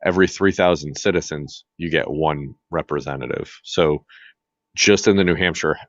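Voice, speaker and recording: A man's voice: a bass voice, normal speed, dry recording, muffled recording. A man from Massachusetts co-hosting a podcast, chatting casually about politics and rambling with many fillers and restarts. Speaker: podcast co-host.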